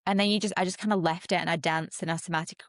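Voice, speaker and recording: Low-voiced earnest woman. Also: fairly even intonation, very fast, no echo, studio quality. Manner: earnest, emotional, reflective. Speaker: holistic psychologist guest. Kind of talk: candid podcast conversation.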